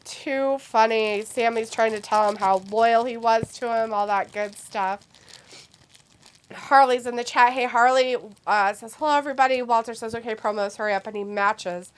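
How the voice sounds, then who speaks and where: A woman's voice: fairly high pitch, steady tone, normal speed, clean tone. A woman co-hosting a casual live stream, reading chat messages out and joking sarcastically. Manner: reads chat messages aloud, laughs a lot, sarcastic. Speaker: co-host of a wrestling watch-along stream.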